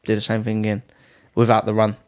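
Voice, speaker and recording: Lively young man telling stories. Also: fairly low pitch, fast talker, clear, resonant tone. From United Kingdom. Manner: lively, acts out quoted people in a raised voice. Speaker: podcast guest, Muay Thai fighter. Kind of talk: casual anecdotal storytelling.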